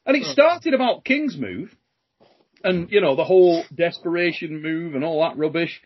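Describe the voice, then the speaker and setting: A man hosting a podcast, joking and chatting in slangy, energetic banter. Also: on the high side, normal speed, breathy edge, dull audio. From Britain. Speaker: podcast host.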